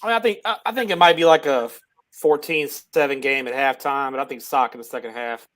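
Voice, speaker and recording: A man co-hosting a sports talk show, thinking aloud in a halting way while picking a score. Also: medium pitch, fairly bright tone. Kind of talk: casual game predictions.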